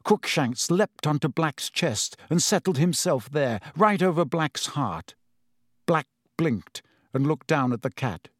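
A man reading a fantasy novel aloud in measured, dramatic audiobook narration. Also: on the high side, animated, slightly rough, no echo, studio quality.

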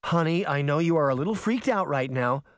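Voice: mid-range voice, lively intonation, a little fast, dry recording, clean studio sound, lightly acted. A reader voicing a fierce, protective mother who speaks firmly and commandingly, read as an audiobook. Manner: firm and commanding. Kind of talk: audiobook reading.

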